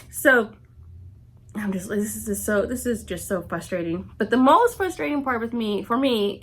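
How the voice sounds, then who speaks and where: In a gravelly, medium-pitched voice, a sick and congested California woman in her forties tells a long casual story to camera. The vlogger is chatty, acting out quotes and leaning on "I'm like" to replay her reactions.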